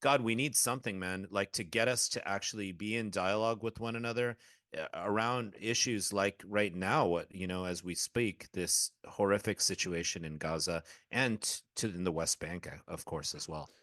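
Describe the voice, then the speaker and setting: Low-voiced man hosting, dry sound. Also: fairly bright tone, no echo. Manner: thoughtful, measured questions. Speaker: podcast host. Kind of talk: podcast interview.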